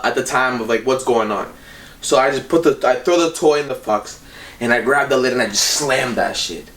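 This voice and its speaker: A man's voice: a little high, fairly bright tone, far from the mic. A young man telling a casual storytime, rambling, slangy and full of fillers. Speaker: storytime vlogger.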